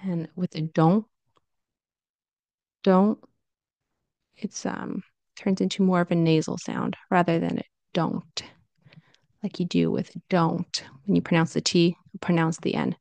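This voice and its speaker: Woman pronunciation teacher, lowish gravelly voice, slow deliberate delivery, dry room. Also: animated, a little mellow, no room sound. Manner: slow and deliberate, repeating example phrases. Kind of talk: casual spoken lesson.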